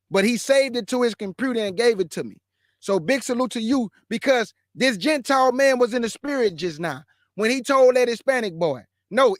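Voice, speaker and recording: Brash high-voiced male stream host. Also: dry recording, clean studio sound. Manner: brash, mocking, repeats lines for emphasis. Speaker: host of a livestream show. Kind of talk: livestream commentary and preaching.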